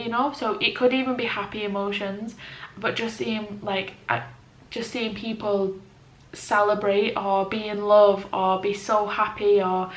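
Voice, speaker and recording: A woman's voice: mid-range voice, fairly bright tone, a little hiss or hum. A woman chatting casually as a book vlogger, rambling and emotional, with many restarts. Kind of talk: casual chat to camera. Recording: roomy echo with faint ambience.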